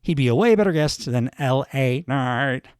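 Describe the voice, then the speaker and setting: A man's voice: mid-range voice, expressive, normal speed, darkish tone, clean tone, dry recording, studio quality, lightly acted. A man voicing a cocky young male wrestler hosting a talk segment, partly trying an Australian accent.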